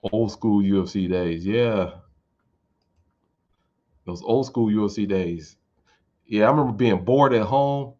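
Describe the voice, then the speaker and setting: A man's voice: fairly low pitch, a little slow, pauses often, mellow. Male vlogger, loose profane fight chat, muffled audio. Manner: rambling, profane, informal. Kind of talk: casual commentary.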